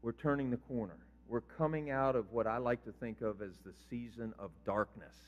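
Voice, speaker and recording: A man's voice: medium pitch, moderate pace. An older man, a pastor, preaching a sermon in a conversational way and quizzing his congregation. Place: church sanctuary. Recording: reverberant hall, dull lo-fi sound.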